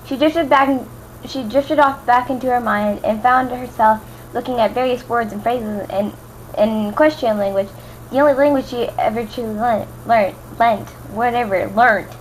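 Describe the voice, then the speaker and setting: A young woman from Louisiana reads fan fiction aloud in a casual, unpolished way, her voice sitting a little high. She trips over words, repeats them until they come out right, and drops in offhand comments. A faint hiss runs underneath. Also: normal speed, low-quality recording. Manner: stumbling, rereading lines, chatty asides. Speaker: amateur reader.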